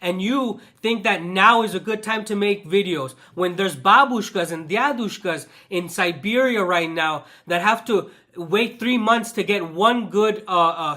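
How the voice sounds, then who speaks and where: High, bright-voiced man ranting. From the West. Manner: passionate, repetitive, restarts often. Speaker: channel host. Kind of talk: ranting vlog monologue.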